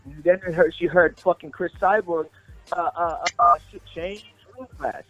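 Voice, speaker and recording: A man with a high voice rants in casual, profane chat, stumbling over repeats as he mocks his target. Faint music plays in the background. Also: steady tone, normal speed, fairly bright tone, lo-fi sound. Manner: heated, repetitive, mocking impressions.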